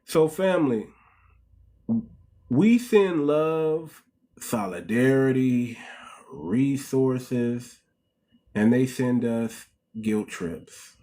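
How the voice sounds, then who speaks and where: A man's voice: medium pitch, animated, extremely slow, pauses often, dark tone. A man hosting a casual livestream, preaching to viewers, calling them "family" and asking rhetorical questions. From United States. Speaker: livestream host.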